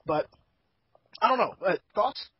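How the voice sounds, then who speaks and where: Husky profane man hosting a chat. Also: high voice, animated, unhurried, no room sound, muffled recording. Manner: profane, rambling and opinionated. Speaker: podcast host. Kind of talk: casual group chat.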